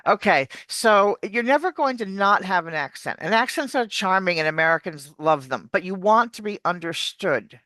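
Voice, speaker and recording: An accent coach giving explanatory interview answers like an animated teacher, demonstrating words. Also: mid-range voice, moderate pace, hardly any pauses, dry recording.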